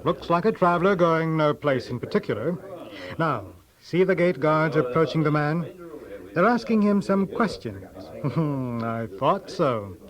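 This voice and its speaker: A smug callous Sodomite. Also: male voice, a little high, animated, measured pace, crowd noise, rough recording. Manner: mocking, laughing. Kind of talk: dramatized audio Bible story.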